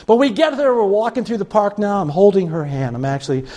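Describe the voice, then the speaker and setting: An older man from Chicago, a pastor telling a self-mocking personal story in an animated storytelling sermon. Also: high-pitched, fast. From Chicago, USA.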